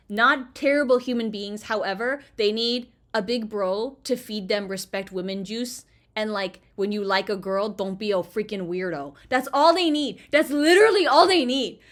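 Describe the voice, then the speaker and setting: A woman hosting a gaming channel, giving rambling, chatty let's play commentary full of fillers, swinging between loud outbursts and quiet muttering. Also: medium pitch, normal speed, few pauses.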